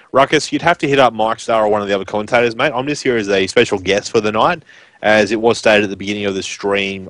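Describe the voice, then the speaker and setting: A man with a broad rural Queensland Australian accent, chatting casually and rambling on a live stream as a guest commentator. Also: on the low side. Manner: rambling, informal, filler-heavy.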